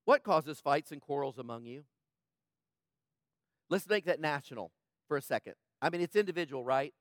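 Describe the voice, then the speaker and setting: A man preaching a sermon as pastor, impassioned, swinging between loud urgent passages and hushed ones. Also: a little high, animated, normal speed, no room sound, studio quality.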